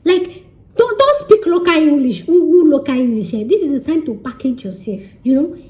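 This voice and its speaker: A woman's voice: high-pitched, expressive, moderate pace, a little mellow. A young woman with a Nigerian accent giving casual advice in a vlog. She is chatty and teasing, talks straight to her viewers and slips into pidgin. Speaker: vlogger giving relocation advice.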